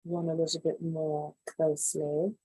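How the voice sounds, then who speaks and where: A woman hosting a live animal news show, reading stories aloud and reacting to them in casual, animated commentary. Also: deep voice, measured pace, husky. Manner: animated, reacts loudly then drops to quiet asides.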